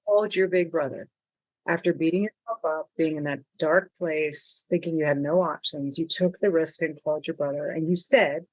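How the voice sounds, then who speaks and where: A podcast host of middle pitch interviews a guest, summarizing her words back to her before asking the next question. The recording is dry and close. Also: fairly even intonation, normal speed, no room sound, poor audio.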